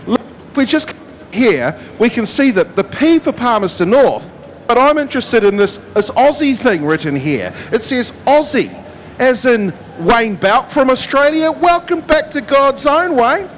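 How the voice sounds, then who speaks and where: A man's voice: extremely high pitch, very animated, measured pace, slight background noise. A friendly, chatty man, reporting live from the speedway pits. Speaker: pit reporter. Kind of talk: live trackside interview.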